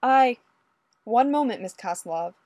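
A woman's voice: on the high side, slow pace, a little mellow, breathy edge, dry recording, heavily acted. A woman reading a story aloud and voicing a formal, courteous police constable, an adult man, in a dry close recording. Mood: polite. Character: polite, formal Canadian Mountie, adult man.

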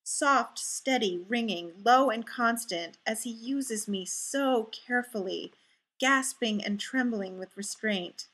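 A woman reading a first-person story aloud in an intimate, measured and expressive way. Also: on the high side. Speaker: story reader.

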